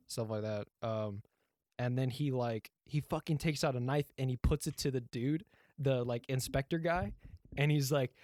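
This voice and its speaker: A man's voice: medium pitch, moderate pace, darkish tone, dry recording, studio quality. A young man co-hosting a podcast, recapping a show in a rambling, profane way and acting out the lines he quotes. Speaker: podcast co-host. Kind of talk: casual chat, recapping a TV show.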